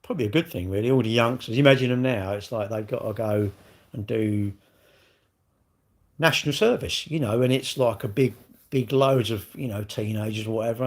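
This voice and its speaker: A man's voice: mid-range voice, gravelly. A middle-aged man with a British accent, chatting casually on a livestream and rambling through viewers' questions. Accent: British English. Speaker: livestream host answering chat. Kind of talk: casual chat.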